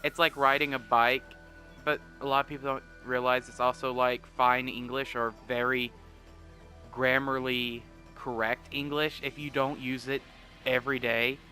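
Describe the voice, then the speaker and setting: A man's voice: medium pitch, sharp tone. A man hosting a video game let's play, rambling in a self-deprecating way and swearing freely. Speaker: gaming video host.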